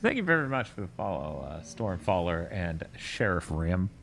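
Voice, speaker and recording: A man casually chatting while playing a video game on stream, joking around in a playful, animated way. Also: low voice, normal speed, slight background noise. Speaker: streamer, co-host. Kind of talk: casual gameplay chat.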